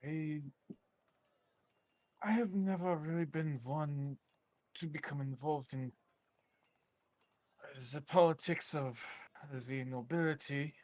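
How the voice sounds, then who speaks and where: A man playing a tabletop game, speaking in a measured, formal way. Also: a little high, darkish tone, no echo. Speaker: player. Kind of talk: tabletop role-play.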